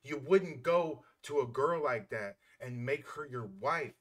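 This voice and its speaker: A man's voice: medium pitch, unhurried. A man giving heated reaction commentary, blunt and scornful, swearing freely as he mocks the clip.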